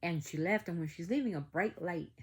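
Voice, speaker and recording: Brief: woman vlogger with a low voice, chatty animated storyteller, lots of fillers. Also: a little fast, husky. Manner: animated, acts out quoted dialogue, many "like" fillers. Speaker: family vlogger telling a story. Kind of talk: casual storytelling to viewers.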